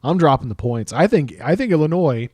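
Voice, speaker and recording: A man's voice: fairly high pitch, lively intonation, a little fast, warm tone, slightly rough, dry recording. A man co-hosting a casual sports chat, blunt and opinionated, often repeating himself as he makes his picks. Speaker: podcast co-host.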